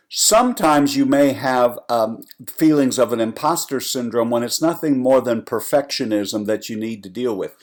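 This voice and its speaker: A man's voice: medium pitch, expressive, unhurried. A man hosting a podcast, giving an earnest, encouraging motivational talk straight to the listener. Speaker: podcast host and speaker.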